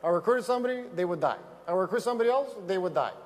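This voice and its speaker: A man giving an energetic motivational speech at a sales event, emphatic and repetitive, telling stories from a stage microphone. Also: high voice, very fast.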